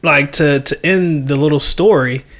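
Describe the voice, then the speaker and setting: A young man, a podcast guest telling an animated, slangy story and laughing often. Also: a little high, unhurried. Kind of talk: casual chat.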